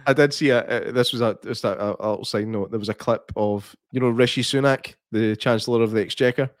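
A man's voice: medium pitch, steady tone, fast, no echo, studio quality. A man with a Scottish accent co-hosting a podcast in casual chat, with wry, teasing banter. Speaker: podcast co-host.

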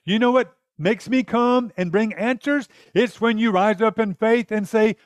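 A man preaches with earnest emphasis, pressing each point home and acting out prayers as he goes. His voice sits high. The recording is dry and close, with no room sound. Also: a little slow, few pauses, no echo. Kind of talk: sermon.

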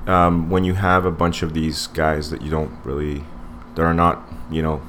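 A man's voice: rumbling low, little pitch movement, moderate pace, fairly bright tone, slight background noise. A man in his forties co-hosting a casual podcast movie review, rambling with many fillers and restarts. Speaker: podcast co-host.

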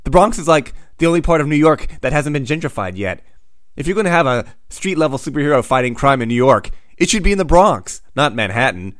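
A man recapping comics with dry, sardonic asides. His delivery swings lively up and down. The recording is dry and close. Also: on the high side, brisk, no room sound. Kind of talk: sarcastic comic recap narration.

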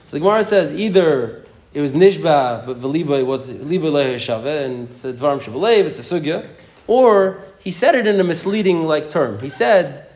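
A man teaching an informal Talmud class, telling the story in a rapid, animated way and often restarting his sentences. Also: fairly high pitch. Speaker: Torah teacher.

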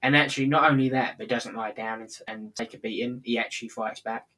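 A man with a mid-range voice reviews a television episode in relaxed conversation. He states his opinions earnestly and with conviction. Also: medium pitch, fast. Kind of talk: casual review chat.

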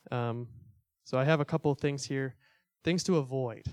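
A man's voice: mid-range voice, normal speed, a little mellow, no room sound, clean studio sound. A young man giving a casual, conversational church teaching, full of fillers and little laughs. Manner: conversational, filler-heavy, self-deprecating laughs.

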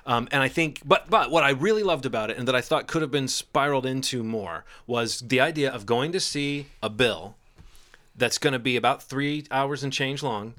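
Bright-voiced man musing about movies. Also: medium pitch, normal speed. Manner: rambling, thinks aloud with restarts. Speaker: podcast co-host. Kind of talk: casual film chat.

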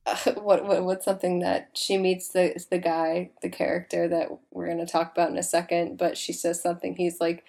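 A young woman in casual chat, retelling a film scene by scene with lively acted-out lines and casual swearing. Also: fairly low pitch, brisk, gravelly, hardly any pauses. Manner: animated, acts out characters, swears freely.

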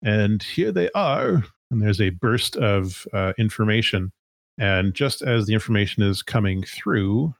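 A man narrating as game master of a tabletop game in a relaxed, plain-spoken way. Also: fairly low pitch, creaky, no echo.

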